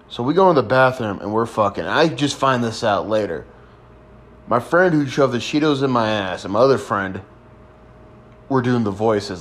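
A man's voice: mid-range voice, expressive, moderate pace. Crude laid-back young man telling stories. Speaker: podcast host. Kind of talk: casual storytelling.

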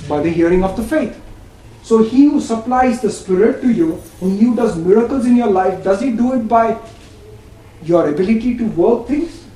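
Preacher in a booming, echoey room. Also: male voice, expressive, normal speed, warm tone. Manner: emphatic, asks the audience repeated questions. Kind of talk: sermon. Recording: very echoey room, distant mic, faint ambience.

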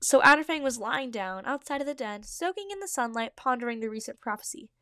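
A woman's voice: fairly high pitch, lively intonation, a little fast, fairly bright tone, smooth, no echo, clean studio sound. A young woman reading her old fan story aloud with giggly, self-mocking asides. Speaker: podcast host reading her own old writing.

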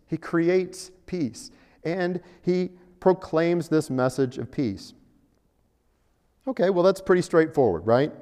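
A man's voice: fairly high pitch, a little mellow, clear, resonant tone. A man preaching a sermon, earnest, with rhetorical questions and stressed key phrases, in a church hall. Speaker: pastor. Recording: echoey hall.

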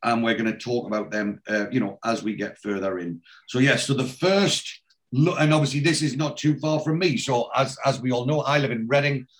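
A man's voice: mid-range voice, a little fast. A man from England chatting casually as a podcast host, retelling scenes from a TV episode and quoting the characters' lines. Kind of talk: casual chat recapping a TV episode.

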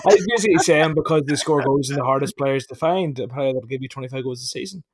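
A man's voice: mid-range voice, fast talker, a crowd in the background. A man hosting a casual podcast over drinks, jokey and loose, swearing freely in banter. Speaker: podcast host.

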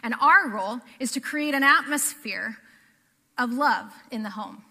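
Bright-voiced woman preaching in a hall. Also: fairly high pitch, measured pace, gravelly, slightly rough. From Pacific Northwest. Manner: earnest, conversational with repeated phrases. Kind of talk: sermon. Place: church sanctuary.

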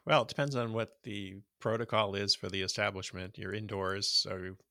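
A man chatting casually as co-host, making wry, measured remarks. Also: on the low side, steady tone, creaky, sharp tone, no room sound, studio quality. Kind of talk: casual chat, reacting and advising.

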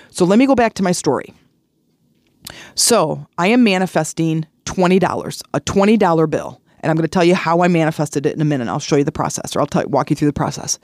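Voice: medium pitch, darkish tone, dry recording, studio quality. A middle-aged podcast host giving a casual motivational talk, earnest and chatty, telling personal stories with lots of repeats and restarts.

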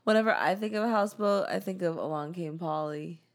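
A young adult trades quick, slangy jokes with a friend while watching a movie together. The voice sits at a middling pitch and the delivery is teasing and offhand. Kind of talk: casual movie watch-along chat.

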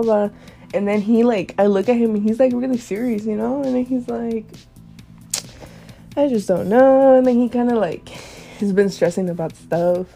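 A young woman in her twenties hosting a casual podcast, chatting in a slangy, swearing, animated way. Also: a little high, creaky. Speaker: podcast host. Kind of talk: casual chat.

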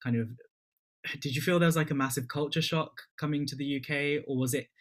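A man's voice: a little high, fairly even intonation, fairly quick, fairly bright tone. Man asking long, winding questions. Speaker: interviewer.

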